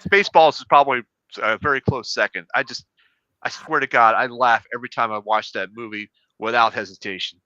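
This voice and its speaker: A man's voice: medium pitch, fairly even intonation, fairly quick, pushed and bright, no echo, dull audio. A man co-hosting a casual talk show who laughs easily and chimes in with short replies. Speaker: podcast co-host. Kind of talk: casual chat.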